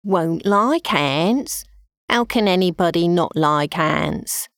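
A woman doing a slow drawling anteater. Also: lowish voice, expressive, dry recording, studio quality. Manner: drawling, muttering. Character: slow greedy male anteater.

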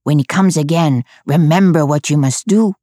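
A woman's voice: low voice, moderate pace, dark tone, no echo, studio quality. A woman voicing a wise, watchful male parrot in a storybook, urgent and insistent.

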